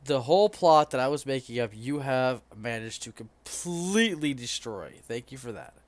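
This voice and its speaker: Male game master, mid-pitched, rambling and self-correcting narration. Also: animated, normal speed.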